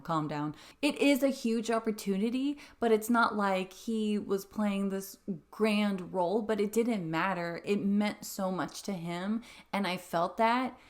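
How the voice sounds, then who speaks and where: A young woman talks through a video as a musical theatre coach, casual and chatty. She gets emotional easily and laughs often. Her voice sits at a middle pitch. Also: measured pace. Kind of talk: casual reaction commentary.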